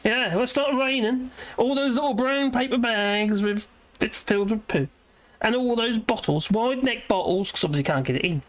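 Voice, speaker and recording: A British livestream host rambles through a live chat, reading viewer comments aloud and laughing often. The voice is medium in pitch with a moderate pace.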